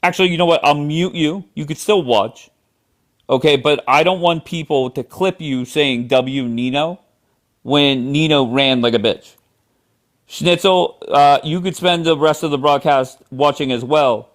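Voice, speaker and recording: A man's voice: a little high, unhurried. A man hosting a live stream debate, blunt and mocking as he questions callers. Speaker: livestream host.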